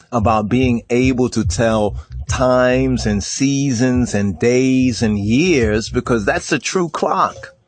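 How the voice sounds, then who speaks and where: A man's voice: mid-range voice, no room sound. A man teaching from a screen share, checking in with "right?" after nearly every phrase and repeating words as he goes. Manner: Rastafari speech, says "I and I". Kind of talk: screen-share lecture on ancient symbols.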